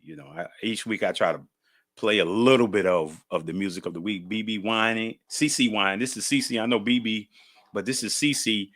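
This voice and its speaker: A man's voice: on the low side, fairly quick, a bit bright, no echo, studio quality. A man hosting a podcast, talking in a chatty, folksy way and laughing as he tells stories. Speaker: podcast host. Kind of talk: casual podcast monologue.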